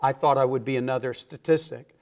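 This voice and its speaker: A man's voice: mid-range voice, fairly even intonation, brisk. A man, an evangelist and guest on a TV interview, telling his personal testimony earnestly and acting out the people in his story. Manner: earnest storyteller who acts out the quoted voices.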